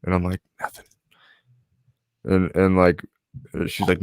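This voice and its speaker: A man's voice: low voice, level tone, a little slow, long pauses, no room sound, clean studio sound. A young man hosting a podcast, telling a personal story in casual chat and acting out what others said. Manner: storytelling, acts out quoted voices. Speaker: podcast host.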